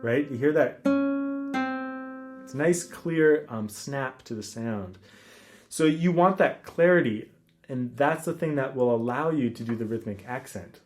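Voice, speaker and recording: Guy explaining guitar technique, laid back, lots of ums, some soft guitar playing around him. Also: mid-range voice, unhurried. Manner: relaxed, counts rhythms aloud, frequent ums. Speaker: guitar teacher. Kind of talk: casual instructional talk.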